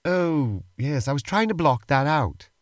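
A man's voice: a little high, big pitch swings, unhurried, no room sound. A man co-hosting a comedy show, answering his partner in a dry, skeptical, prim way. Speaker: co-host. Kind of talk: comedic improvised role-play banter.

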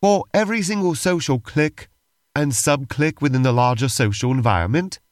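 A man's voice: on the high side, brisk, no echo. A man co-hosting a podcast, dry and exasperated in playful banter. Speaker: podcast co-host. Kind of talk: playful role-play banter.

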